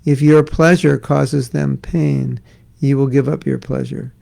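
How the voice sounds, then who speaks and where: A man's voice: medium pitch, steady tone, a little slow, creaky, dark tone, low-quality recording. A middle-aged man giving a scripture class, conversational and joking with his listeners. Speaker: spiritual teacher. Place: class in Florida.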